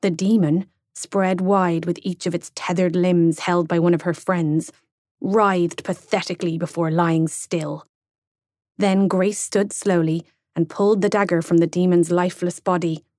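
Young woman reading a storybook, slow and measured, lowish voice, dry recording. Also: fairly even intonation, darkish tone, no room sound. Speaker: audiobook narrator. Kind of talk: scripted narration.

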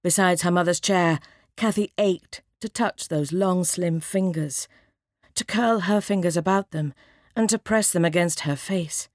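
A woman narrating an audiobook in a measured, dramatic reading. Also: on the low side, darkish tone, no room sound, studio quality.

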